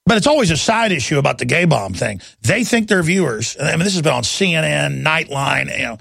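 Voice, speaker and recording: A man's voice: on the high side, very animated, brisk, vocal fry, a bit bright, no room sound, clean studio sound. A man hosting a talk radio show, ranting heatedly from one news item to the next and mocking his critics. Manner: heated, ranting, jumps between news items; mocks opponents in put-on voices.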